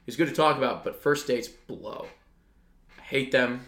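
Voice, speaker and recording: A man's voice: medium pitch, normal speed, a loud crowd. Blunt rambling young man in an echoey room. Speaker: podcast co-host. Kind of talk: casual chat.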